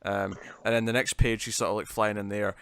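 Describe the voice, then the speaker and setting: A man's voice: on the low side, little pitch movement, fast, gravelly, fairly bright tone, no room sound. A man co-hosting a podcast, chatting casually and rambling with frequent fillers and restarts. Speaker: podcast co-host. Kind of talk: casual chat.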